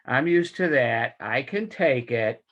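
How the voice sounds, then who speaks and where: An older man, the general evaluator at a club meeting, speaking enthusiastically in a folksy, animated way over a video call. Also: medium pitch, slow pace. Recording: dull lo-fi video call audio.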